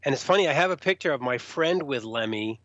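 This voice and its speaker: A man telling rock stories in an interview, animated, raising his voice to act out quotes. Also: medium pitch, fast, no room sound. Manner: animated, acts out quotes in a raised voice. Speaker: rock journalist guest. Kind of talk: storytelling interview. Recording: dull, lo-fi sound.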